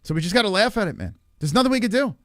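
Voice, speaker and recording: A man hosting a livestream, loud and profane, reacting to a clip and talking to his chat. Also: sits high, very animated, very fast, no echo, studio quality. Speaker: livestream host. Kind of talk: casual livestream commentary.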